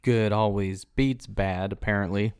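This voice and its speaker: A man's voice: lowish voice, steady tone, a little slow, a little mellow, clean tone, no echo. A man co-hosting a podcast, chatting casually about a film with wry, dry jokes. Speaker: podcast co-host.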